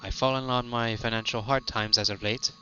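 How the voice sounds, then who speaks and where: A man's voice: medium pitch, steady tone, brisk, bright, forceful tone, lo-fi sound, slight background noise. Man doing a folksy old sea captain. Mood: grateful. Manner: folksy pirate-like brogue.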